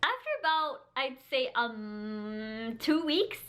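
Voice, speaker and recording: A woman vlogger casually telling a personal story to camera, chatty, full of "like" and quick giggles. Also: fairly high pitch, a bit bright. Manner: chatty, heavy use of "like", frequent giggles.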